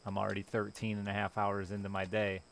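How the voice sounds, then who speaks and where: Gravelly low-voiced man streaming a game. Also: completely flat delivery, fast, fairly bright tone, a little hiss or hum. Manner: sardonic, self-deprecating, talks to chat. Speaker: live streamer. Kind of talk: casual chat while playing a game on stream. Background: game music.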